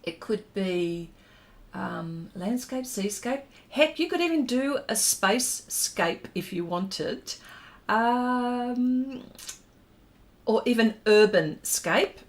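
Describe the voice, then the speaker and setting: A woman hosting an art livestream, chatting warmly and casually with viewers while she draws, with plenty of ums and heartfelt asides. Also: on the high side, expressive, takes it slowly. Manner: chatty and heartfelt, many ums, reads out chat comments.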